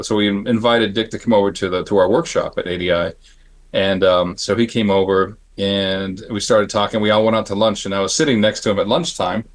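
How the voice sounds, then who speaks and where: Low-voiced man telling animated anecdotes. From Phoenix, Arizona. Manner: animated, acts out the people in his anecdotes; frequent throat clearing and restarts. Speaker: panel guest, makeup effects artist. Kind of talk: storytelling on a panel.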